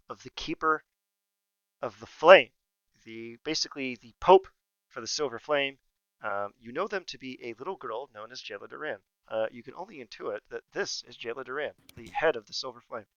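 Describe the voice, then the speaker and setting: A man runs a tabletop game, narrating scenes in a loose, jokey way. His voice is smooth and crisp. The recording is dry and slightly dull. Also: medium pitch, animated, moderate pace, fairly bright tone, no room sound. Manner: laughs often, loose and jokey. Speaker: game master.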